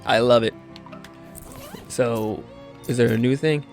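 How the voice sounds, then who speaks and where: A man hosting a let's-play gaming video, giving upbeat, excitable commentary and a sign-off. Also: mid-range voice, slow, creaky, long pauses, soft background music. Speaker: gaming channel host.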